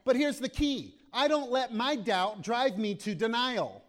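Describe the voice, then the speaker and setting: A man's voice: very high voice, measured pace. A man preaching a sermon with passion, acting out prayers aloud as he speaks. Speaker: pastor.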